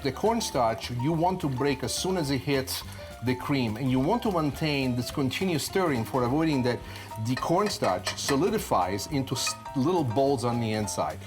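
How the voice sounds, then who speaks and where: An older man with an Italian accent talks through a recipe as a TV chef. His delivery is expressive and storytelling. Clear music plays beneath his voice throughout. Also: medium pitch. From Sicily, Italy. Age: 60s. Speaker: TV chef host. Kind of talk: cooking show demonstration.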